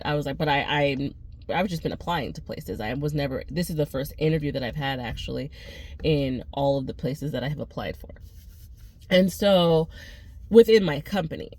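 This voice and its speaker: A young adult woman telling a story casually, talking fast with restarts and acting out what others said. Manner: animated, quotes people with rising pitch; fast, with restarts and repeated phrases.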